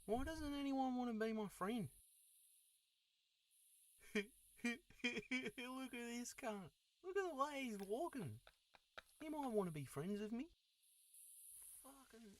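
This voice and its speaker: A man voicing a crude, friendly male sasquatch in a cartoon, with a sweary, excitable manner. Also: very high-pitched, slow, pauses often, a little hiss or hum, exaggerated voice. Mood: eager. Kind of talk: cartoon voice acting.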